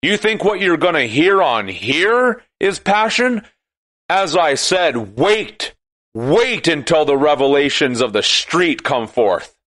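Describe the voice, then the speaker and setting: Ranting man, slow and deliberate, sarcastic edge, dry close sound. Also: a little high, sing-song, no room sound. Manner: ranting, sarcastic, rises to shouting. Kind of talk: impassioned monologue.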